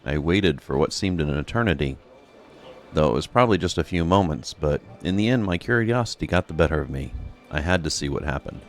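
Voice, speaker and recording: Reading a game's dialogue aloud in storytelling mode, a man with a very deep voice speaks fairly quickly with lively intonation. He voices a gossipy, upset townswoman who witnessed a crime, making her chatty and dramatic with pious exclamations.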